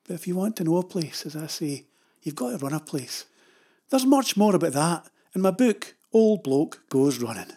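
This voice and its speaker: A man's voice: fairly high pitch, sing-song, moderate pace, mellow, slightly rough. An older man with a Scottish accent, telling rambling, wry stories about his travels. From Scotland. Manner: chatty, digressive, wry. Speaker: storyteller. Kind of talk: rambling anecdotal narration.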